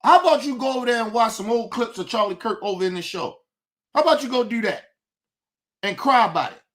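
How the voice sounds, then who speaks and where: High-pitched, profane ranting man. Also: lively intonation, fast talker, a bit bright. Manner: profane, combative, taunting. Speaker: host. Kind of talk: livestream commentary rant.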